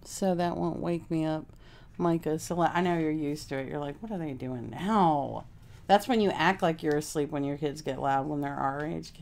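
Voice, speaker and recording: Low raspy woman, crafting vlogger, chatty, thinks out loud. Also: steady tone, moderate pace. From Houston, Texas. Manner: chatty, thinks aloud while working, answers chat. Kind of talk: casual crafting chat to live viewers.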